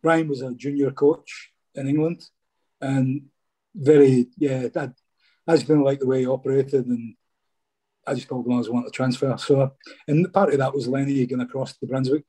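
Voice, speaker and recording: Middle-aged man, ex-footballer guest, husky and dark, chatty yarn-teller. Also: mid-range voice, steady tone, normal speed. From Scotland. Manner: chatty, peppers speech with "mate". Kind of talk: casual interview storytelling.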